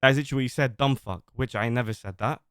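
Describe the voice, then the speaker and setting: Rapid-fire and clean in tone, a medium-pitched male voice belongs to a streamer who reads screenshots aloud and defends himself in a long, rambling livestream. The sound is clean studio quality with no echo.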